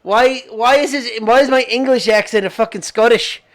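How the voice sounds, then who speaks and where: A mid-pitched co-host answers in short, easygoing bursts, laughing along with the banter. The talk stays loose and casual. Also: moderate pace. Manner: laid-back, laughs, short replies. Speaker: podcast co-host. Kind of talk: casual chat about fight picks.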